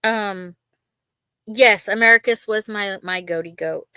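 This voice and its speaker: A woman's voice: medium pitch, a little slow, sharp tone, clean tone, no room sound. A woman hosting a casual livestream, rambling with lots of ums and talking openly about her feelings. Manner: rambling, many ums, emotional but chatty. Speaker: livestream host. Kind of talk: casual live-stream chat.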